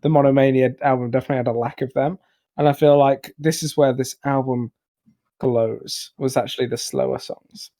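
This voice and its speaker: A young man co-hosting a casual album review chat, rambling with restarts and quick laughs. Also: mid-range voice, fairly even intonation, warm tone. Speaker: podcast co-host.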